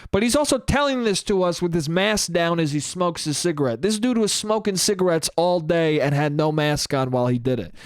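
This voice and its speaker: A young man rants through a casual solo podcast, swearing freely and slipping into the voices of the people in his stories. His voice sits a little high for a man and sounds smooth and clear. The recording is close and dry. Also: brisk, hardly any pauses, no echo. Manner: ranting, swears freely, acts out quoted people mid-story. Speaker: podcast host.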